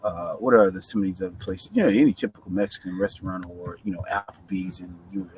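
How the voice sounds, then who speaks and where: In a casual video lesson, a middle-aged man teaches Spanish pronunciation, chatting freely in both Spanish and English and frequently asking "right?" to check in. His lowish, gravelly voice is fast, a little mellow and lively in intonation. The recording is low quality with slight background noise.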